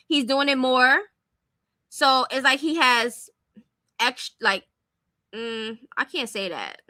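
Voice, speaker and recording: A young woman with a high, very bright voice, talking casually and bluntly to her audience. She is close on the mic in a dry room with no echo. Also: takes it slowly. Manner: blunt, opinionated, speaks directly to viewers. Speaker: commentary streamer. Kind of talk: casual commentary on celebrity gossip.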